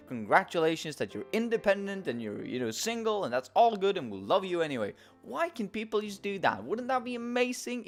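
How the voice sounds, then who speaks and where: A young man giving tongue-in-cheek advice in a rambling, self-mocking vlog with wry asides. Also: sits high. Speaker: vlogger.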